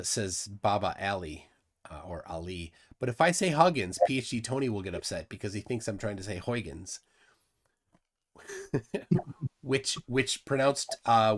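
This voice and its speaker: A man hosting a live stream in casual chat, rambling with many restarts and fillers. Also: on the low side. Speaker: livestream host.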